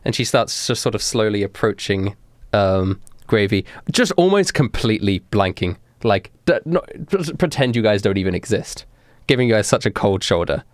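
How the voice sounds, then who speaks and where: A man narrating a tabletop game as game master, unhurried and with many fillers. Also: lowish voice, sing-song, no room sound.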